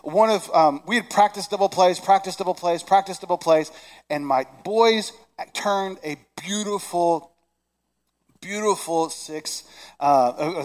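A middle-aged man preaching a Christmas sermon, animated and shouting excited lines. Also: fairly high pitch. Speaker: pastor. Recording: long reverb of a large hall.

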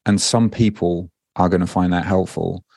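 A man's voice: deep voice, steady tone, normal speed, vocal fry, a little mellow, breathy edge, no echo, clean studio sound. A man hosting a podcast, reading out listener questions and chatting casually with frequent hesitations. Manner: hesitant, many ums and restarts. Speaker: podcast host.

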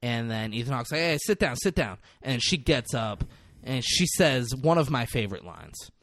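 Animated man acting out movie scenes. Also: medium pitch, moderate pace, no room sound, clean studio sound. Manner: animated, acts out movie lines with big vocal swings and swearing. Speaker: podcast co-host. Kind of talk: casual movie recap chat.

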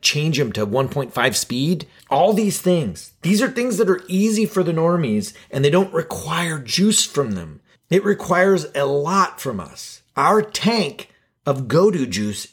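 A man's voice: on the high side, slightly rough. A man hosting a podcast alone, talking in a casual, rambling and self-deprecating joking way. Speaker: podcast host. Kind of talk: casual solo podcast monologue.

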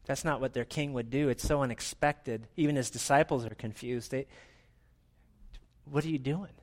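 A man preaching a playful, animated sermon in a church, drawing the congregation into a hands-on retelling. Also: mid-range voice, brisk. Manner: animated, playful, with audience participation. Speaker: pastor.

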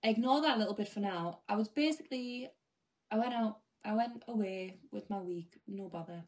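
A young woman with a British accent chats through a personal story in a loose, rambling way. Her voice is mellow and warm rather than bright, at an ordinary middle pitch. She often sinks into a quiet near-whisper mid-sentence. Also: normal speed. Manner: chatty, rambling, often drops to a hush. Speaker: vlogger. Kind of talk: casual storytelling.

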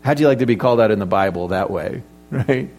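A man's voice: lowish voice, animated, a little fast, a little mellow. A middle-aged male pastor preaching a conversational sermon, with joking asides and rhetorical questions to the congregation.

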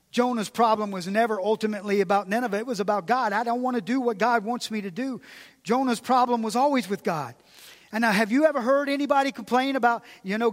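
A man's voice: extremely high pitch, fairly bright tone, in a large hall. A man preaching a sermon as pastor, emphatic and repetitive, sometimes dropping to a near-whisper. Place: large church.

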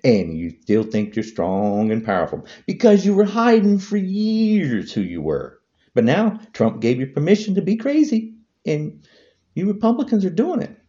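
A man's voice: wildly swooping pitch, moderate pace, dark tone, muffled recording. A man delivering an angry political rant to camera, hurling repetitive insults. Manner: heated, repetitive insults, voice swinging high and low. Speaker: vlogger.

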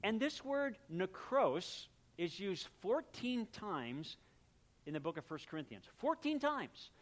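A man preaching a sermon, explaining words and their meanings in a relaxed, talky way and briefly acting out little exchanges between people. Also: high voice, takes it slowly. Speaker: pastor.

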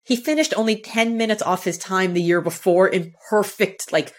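A woman from the area, a guest on a podcast, telling a personal story in a lively way and acting out the quotes. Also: moderate pace. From Boston area, United States. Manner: lively, acts out quotes with shifting pitch. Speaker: podcast guest, author and speaker. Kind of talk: animated storytelling in conversation.

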